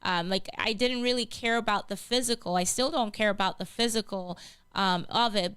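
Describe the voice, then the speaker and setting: Hosting a gospel radio show, a woman shares a personal testimony in an earnest, heartfelt, casual way, repeating herself and restarting often. Her voice is medium in pitch, a little bright and smooth, with no room sound.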